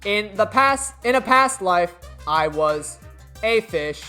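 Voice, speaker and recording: Man putting on a timid little robot, halting and earnest, slightly raised voice, faint music behind. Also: sits high, lively intonation, pushed and bright, heavily acted. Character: small shy male robot telling a sad tale.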